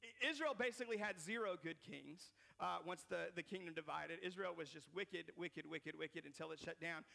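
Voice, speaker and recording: A man in his thirties, a pastor preaching a casual, animated sermon full of slang and repeated words. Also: high-pitched, vocal fry.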